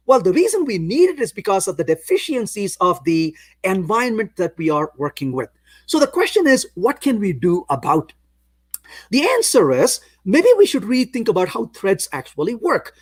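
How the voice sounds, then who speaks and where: A man's voice: very high voice, dry recording. A man presenting a technical lecture at a conference, chatting through everyday analogies with a touch of self-deprecating humor. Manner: conversational, explains with everyday analogies. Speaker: conference speaker.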